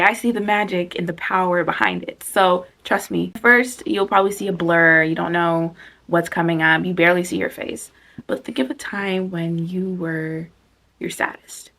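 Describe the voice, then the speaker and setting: A woman hosts a self-help video, casually guiding a reflection in a chatty, self-interrupting manner and now and then dropping to a soft near-whisper. Her voice is lowish and gravelly.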